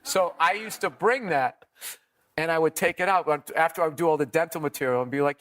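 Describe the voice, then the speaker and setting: A man, a comedian guest in an interview, telling profane, animated stories and acting out quotes. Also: fairly high pitch, a little fast. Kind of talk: storytelling interview.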